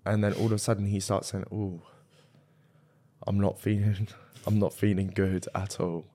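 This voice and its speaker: A young man with a lowish voice co-hosts a casual chat podcast. He tells anecdotes at a loose, chatty pace. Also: steady tone, moderate pace, darkish tone. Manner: chatty storyteller recounting anecdotes. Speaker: podcast co-host.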